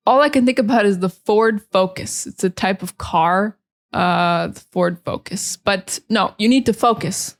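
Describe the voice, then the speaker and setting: A young woman with an American accent, giving a casual pronunciation lesson and repeating words slowly for learners to copy. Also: medium pitch. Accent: General American. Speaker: English teacher.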